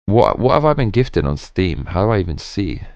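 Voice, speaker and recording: Brief: drunk male game streamer, lower voice, smooth and resonant, animated rambling delivery, dry close sound. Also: moderate pace, no room sound, highs cut off. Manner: rambling, swearing, chatty. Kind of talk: casual live-stream chat.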